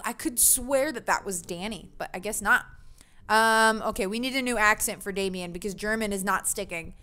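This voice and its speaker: A young woman streams a dating game and chats casually with her viewers, giggly and self-mocking. Her mid-range voice has a fairly bright tone.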